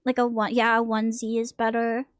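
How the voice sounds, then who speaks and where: A woman's voice: fairly high pitch, completely flat delivery, fairly quick, no room sound. A young woman streamer chatting casually while she draws, rambling and joking crudely. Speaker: vtuber streamer.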